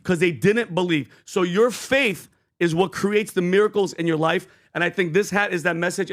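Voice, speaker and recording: A man's voice: high-pitched, fairly bright tone. A man co-hosting a podcast panel in casual chat, retelling scripture with fervent, preachy emphasis. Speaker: podcast co-host.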